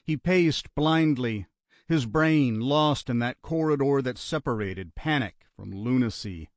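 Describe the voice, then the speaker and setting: An audiobook narrator with a typical mid-range male voice reads a thriller slowly and steadily. The recording is close and dry, with no echo or room sound.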